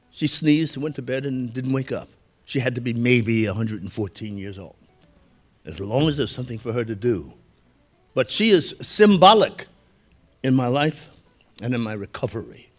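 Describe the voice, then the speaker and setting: An older man from Brooklyn delivers a keynote as a relaxed, anecdotal storyteller. He speaks at a mid-range pitch in a folksy way and chuckles along with the crowd. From Brooklyn, New York. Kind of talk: storytelling speech.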